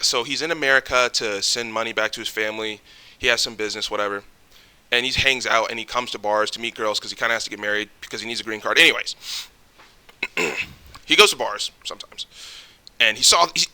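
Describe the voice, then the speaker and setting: A man's voice: mid-range voice, pushed and bright. A man vlogging, telling a story casually and rambling with a lot of swearing. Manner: profane, rambling, with lots of fillers. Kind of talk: casual storytelling reaction video.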